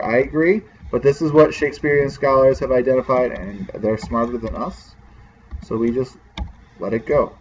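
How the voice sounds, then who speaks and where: A man at an even middle pitch teaches a poetry lesson, speaking casually and directly to his students. The recording sounds a little muffled. A faint hiss sits under his voice. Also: moderate pace. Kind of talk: classroom lecture on poetry.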